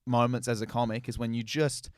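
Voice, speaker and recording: An Australian man, a stand-up comedian guesting on a podcast, talks loosely and swears without a second thought. He acts out little scenes with the crowd as he tells them. His voice sits at an ordinary pitch and is picked up close and dry, with no room sound. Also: level tone, fairly quick, clear, resonant tone, no echo. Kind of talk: casual podcast chat.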